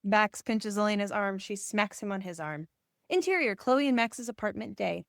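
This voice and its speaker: A woman's voice: medium pitch, animated, moderate pace, creaky, no room sound, studio quality. Woman reading stage directions plainly. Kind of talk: scripted narration.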